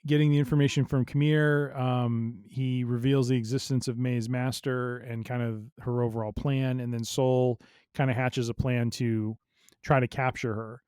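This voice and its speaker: Smooth-voiced man recapping on a podcast. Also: medium pitch, flat delivery, normal speed, darkish tone, no echo, clean studio sound. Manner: recapping with fillers, playful. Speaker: podcast co-host. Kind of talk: casual chat.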